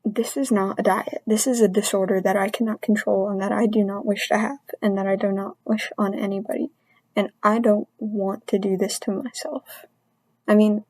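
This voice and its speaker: A woman's voice: medium pitch, level tone, a little mellow, no echo, poor audio. A woman in a mid-range voice rants to camera about something that upsets her. She sounds frustrated and earnest, often stopping and restarting her sentences. The recording is dry and close, with no room sound. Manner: frustrated, venting, halting restarts. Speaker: vlogger. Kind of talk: personal rant to camera.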